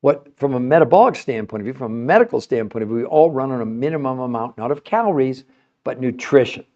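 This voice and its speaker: A man's voice: mid-range voice, animated, fast, a little mellow, dull audio. A man hosting a live-streamed podcast, passionate and emotional as he talks straight to his viewers and asks them questions. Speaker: podcast host.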